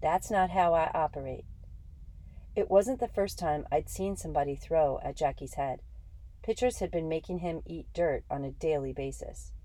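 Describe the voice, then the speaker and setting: A woman reading a first-person story aloud in a steady, measured way. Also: low-pitched. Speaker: audiobook narrator.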